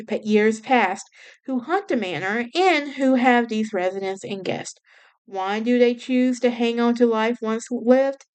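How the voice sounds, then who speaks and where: A woman's voice: fairly high pitch, a little mellow, clean tone. A woman with a Southern US accent, hosting a podcast and chatting about a haunted house with a casual, self-correcting manner. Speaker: podcast host.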